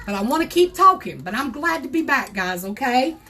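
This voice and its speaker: An older woman from South Carolina with a Southern accent, her voice hoarse, chatting in a folksy way as she hosts a crafting livestream tutorial from her home craft room. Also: high-pitched, big pitch swings, a little fast, sharp tone. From South Carolina, USA. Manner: chatty, folksy, greets viewers by name.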